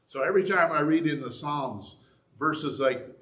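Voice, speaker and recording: A man's voice: on the high side, moderate pace, a bit bright. A middle-aged male pastor giving a conversational sermon with asides and restarts in a church sanctuary. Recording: echoey church room.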